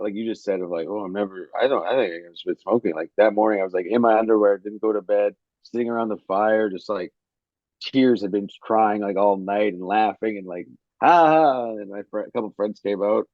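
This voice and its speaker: A man with a lowish voice talks as a guest over a video call. The audio is dry and muffled, with no room sound. He rambles freely and fills his sentences with "like". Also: steady tone, brisk, no echo. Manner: rambling, loose, many "like" fillers. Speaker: comedian guest. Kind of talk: casual conversational interview.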